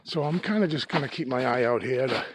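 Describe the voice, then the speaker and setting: A man's voice: mid-range voice, a bit bright, a little hiss or hum. A man with a Boston accent, chatting casually and joking while hiking in a snowy forest, a little winded from the climb. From New England. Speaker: hiking vlogger. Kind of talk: casual walk-and-talk vlog.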